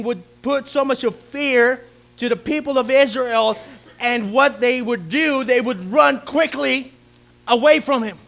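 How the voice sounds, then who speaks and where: Male pastor, very high voice, slow deliberate delivery, theatrical sermon, asks the crowd questions. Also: vocal fry, fairly bright tone. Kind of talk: animated sermon with acted-out voices.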